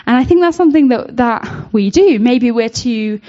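A woman's voice: fairly high pitch, expressive, normal speed, hardly any pauses, warm tone. A woman giving an informal devotional talk, earnest and searching, with many fillers and restarts. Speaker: speaker giving a Bible reflection. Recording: dull lo-fi recording.

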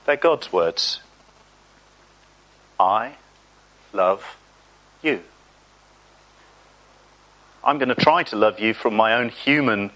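A man's voice: medium pitch, a bit bright, low-quality recording. Man preaching in a chatty way. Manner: chatty and self-mocking, slowing for emphasis. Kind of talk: sermon storytelling.

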